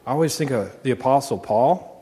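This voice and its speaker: A man's voice: mid-range voice, lively intonation, brisk, warm tone. A man preaching a sermon as pastor, earnest, asking his congregation questions. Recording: long reverb.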